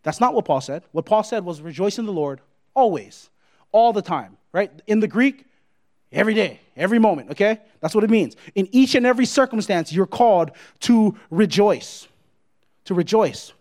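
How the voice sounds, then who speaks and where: A man with a notably high voice preaches a sermon. He talks emphatically, hammering points through repetition and constantly checking in with his listeners. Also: animated, normal speed, a little mellow. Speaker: pastor.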